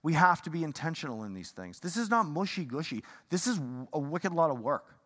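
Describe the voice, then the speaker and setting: A man preaching a sermon in a fired-up, rambling way, swinging from loud bursts to hushed talk. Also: on the high side, very animated, fairly quick. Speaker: pastor. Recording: long hall reverb.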